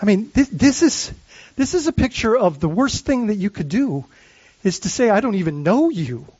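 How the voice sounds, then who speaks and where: A man's voice: high voice, sing-song, normal speed, darkish tone, husky, dry recording, highs cut off. A man preaching as a pastor, earnest, asking rhetorical questions and often restarting his sentences. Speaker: lead pastor. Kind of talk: sermon.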